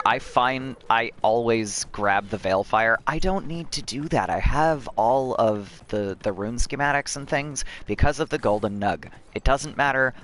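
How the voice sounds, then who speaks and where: A man's voice: on the low side, fairly bright tone. A man streaming a video game, chatting casually as he plays, rambling with many restarts and self-corrections. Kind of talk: casual gameplay commentary.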